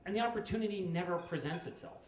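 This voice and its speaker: Wry middle-aged man telling stories live. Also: high voice. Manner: wry, with dramatic pauses. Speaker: storyteller at a story slam. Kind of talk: live comic storytelling. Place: stage at a live storytelling event. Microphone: stage microphone. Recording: echoey live room with faint noise.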